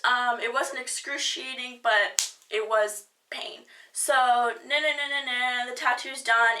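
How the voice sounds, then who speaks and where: A woman's voice: a little high, sharp tone. A young woman chatting to camera in a casual vlog, full of "like"s, acting out her own reactions in quoted asides. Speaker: vlogger. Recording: echoey room, mic a bit far.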